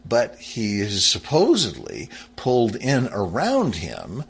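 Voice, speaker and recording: Husky guy ranting about politics, pitch swings all over, keeps restarting and rereading. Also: wildly swooping pitch, slow pace. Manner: fervent, emphatic and rising in pitch when angry, with frequent restarts. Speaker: political commentator. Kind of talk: impassioned monologue reading from a founding text.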